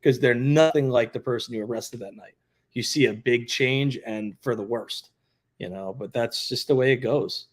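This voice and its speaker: A man in the middle of a casual livestream, talking offhandedly to viewers in the chat. His delivery is blunt and conversational, with an ordinary mid-range pitch, like a retired cop thinking out loud. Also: moderate pace. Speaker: retired law enforcement livestream host.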